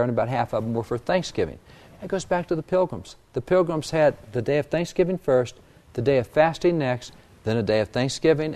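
Animated man explaining history. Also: mid-range voice. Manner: animated storyteller, emphatic, reads quotes aloud. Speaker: history guest. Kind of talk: conversational history lecture.

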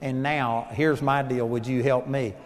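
A man with a Texan accent preaching a sermon as pastor, telling stories and swinging between loud emphasis and soft asides. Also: medium pitch, fairly even intonation, a little slow. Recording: long hall reverb.

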